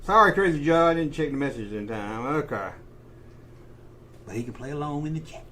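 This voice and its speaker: A man's voice: fairly high pitch, animated, fairly quick, pushed and bright, a little hiss or hum. Joking middle-aged man cohosting a chat show. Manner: joking, rambling banter. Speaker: podcast co-host. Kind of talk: casual chat.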